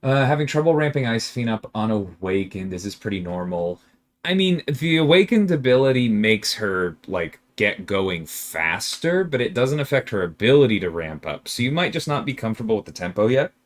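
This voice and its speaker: A man's voice: fairly low pitch, moderate pace. A man hosting a casual game livestream, reading chat questions aloud and answering them. His voice rises and falls a lot as he talks, and he turns emphatic and exasperated when he pushes back. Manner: animated, emphatic, exasperated rants with laughter.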